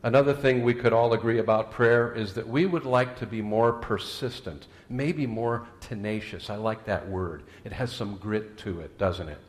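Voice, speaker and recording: A man's voice: on the low side, normal speed, few pauses. A man preaching a sermon as pastor, mixing scripture and prayer with folksy jokes and anecdotes, with some fillers and restarts.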